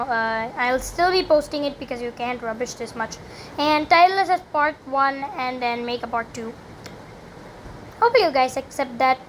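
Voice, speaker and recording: A young woman giving chatty, rambling commentary while playing a video game, with sudden loud exclamations. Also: a little high, a little hiss or hum. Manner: chatty, rambling, exclaims loudly when she fails. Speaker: gaming commentator. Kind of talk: live gameplay commentary.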